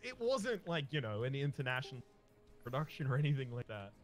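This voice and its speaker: A man hosting a casual gaming chat, telling stories in an animated, rambling way. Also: mid-range voice, brisk, music in the background. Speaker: host.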